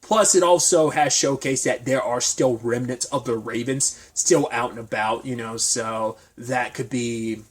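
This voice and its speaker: A man's voice: medium pitch, unhurried, few pauses, slightly rough. Rambling man recapping an episode. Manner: rambling, filler-heavy, speculative. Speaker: TV episode reviewer. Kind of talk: casual recap talk.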